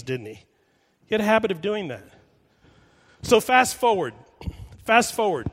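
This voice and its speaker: A man's voice: sits high, fairly bright tone. A man preaching a sermon as pastor in a church, telling a story with rhetorical questions. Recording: long hall reverb.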